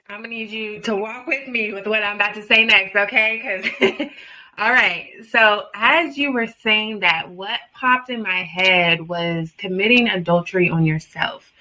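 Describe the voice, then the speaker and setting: A woman's voice: medium pitch, unhurried, pushed and bright, rough recording. A woman hosting a podcast interview, talking in an earnest, emphatic way that is full of "like". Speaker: podcast host. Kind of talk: conversational interview.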